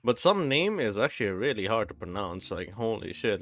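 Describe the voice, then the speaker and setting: A man's voice: fairly low pitch, big pitch swings, normal speed, a bit bright. A young man chatting casually while streaming a game, often restarting his sentences and sounding out names syllable by syllable. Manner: rambling, many restarts, sounding out words.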